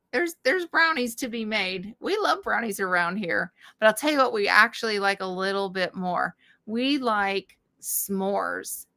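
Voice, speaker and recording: A middle-aged woman chatting slowly and casually on a livestream. Her voice is bright and sharp, and she rambles, restarts and laughs often. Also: medium pitch, clear, resonant tone. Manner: rambling with many fillers and restarts. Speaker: livestream host.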